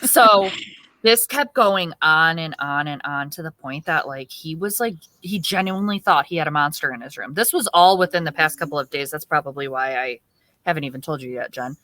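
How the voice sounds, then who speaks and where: Casting: woman, 30s, podcast co-host, bright forceful tone, dry close mic, animated storyteller. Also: low voice, fairly quick, dry recording. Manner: animated storyteller acting out quotes. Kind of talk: casual chat.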